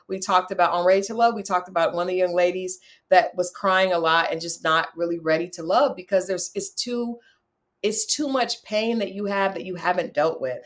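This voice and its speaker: A woman's voice: lowish voice, brisk. A woman hosting a casual reality-show recap, chatty and opinionated, talking straight to her viewers. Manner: chatty, opinionated, talks to viewers, animated asides. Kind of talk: casual chat.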